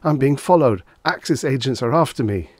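A man voicing a tipsy, excitable foppish young man who blurts out flustered, indignant exclamations in a storybook reading. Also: mid-range voice, normal speed, no room sound, studio quality, pitched above the performer's own voice, natural voice. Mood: alarmed.

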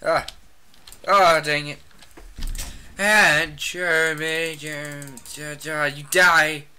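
A gamer talks through a shooter match in a casual, excitable way, taunting opponents and breaking into shouted outbursts. The voice is very sharp and bright. The talk runs slowly between bursts. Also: mid-range voice, clean tone. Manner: excitable, trash-talking, frequent shouted outbursts. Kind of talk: casual gameplay commentary.

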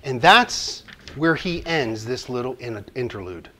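A man's voice: medium pitch, animated, a little slow, bright, forceful tone. A man teaching a church Bible study class in a conversational way, asking the group questions and joking lightly.

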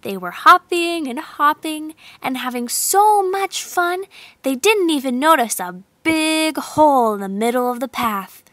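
A woman tells a children's story in a slow, expressive way. Her voice is high and bright. The sound is close and dry. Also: no echo. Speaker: narrator. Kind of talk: storybook narration translated from sign language.

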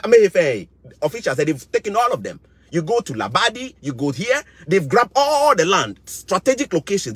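A man's voice: high-pitched, a bit bright, breathy edge, dry recording. A middle-aged Ghanaian man with a Ghanaian English accent, giving impassioned commentary, indignant and repeating phrases for emphasis. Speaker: vlogger.

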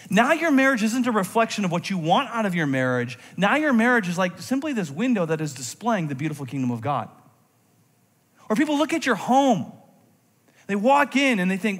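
A man preaching a sermon in a church, animated, moving between intense emphasis and quiet reflective moments. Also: high-pitched, moderate pace, slightly rough. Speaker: pastor. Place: church sanctuary. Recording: long hall reverb from a church sanctuary.

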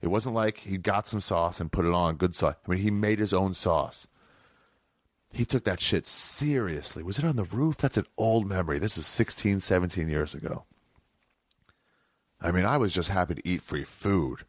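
Low-voiced man telling rambling stories. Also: lively intonation, normal speed, dry recording, clean studio sound. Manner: rambling, profane, self-correcting. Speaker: podcast host. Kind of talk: casual storytelling.

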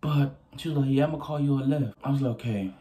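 A young man telling a story casually to his viewers, animated and profane, often laughing as he goes. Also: medium pitch, fast, heavy background noise. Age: young adult. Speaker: vlogger.

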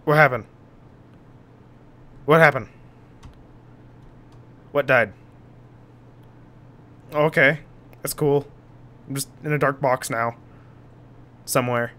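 A young man doing let's play commentary, frantic and yelling in mock panic, then calming down. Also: medium pitch, slow pace, pauses often. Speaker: gaming YouTuber.

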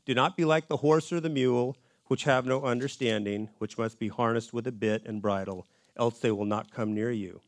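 A man's voice: medium pitch, moderate pace, hardly any pauses. A man in a church leads a Bible study in a casual, conversational way, adding homey asides as he goes. His voice sits in an ordinary middle register. The sound is dry, with almost no echo. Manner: casual and relaxed, with folksy asides. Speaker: Bible teacher.

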